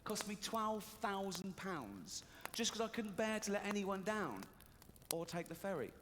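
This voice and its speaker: A man delivers a stand-up set in a sardonic, profane manner, his voice sitting a little higher than most men's. He is recorded on a big arena stage, so a long reverb trails his words. Audience noise is clearly present beneath him. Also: very animated, a little slow. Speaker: stand-up comedian. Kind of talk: stand-up comedy routine. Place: large concert arena stage.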